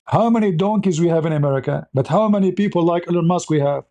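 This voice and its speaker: Man, host, sarcastic, blunt, broken grammar, mellow dark voice, slightly high. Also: fast talker, muffled recording. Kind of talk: mocking live commentary.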